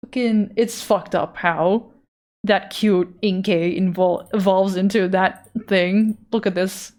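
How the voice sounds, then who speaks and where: A woman's voice: medium pitch, fairly even intonation, slow pace, a little mellow. A woman streamer talks casually to her audience while she draws, swearing freely and riffing on whatever chat brings up. Her delivery is loose and unpolished, the easy patter of someone half-focused on the canvas. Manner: loose and profane, answering chat while drawing. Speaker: art streamer reading chat.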